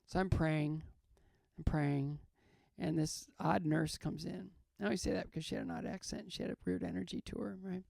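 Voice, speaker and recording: Gravelly older man, earnest and halting. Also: a little high, steady tone, a little mellow, no echo, studio quality. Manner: earnest, halting, repeats phrases. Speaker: interview guest. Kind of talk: reflective faith talk in an interview.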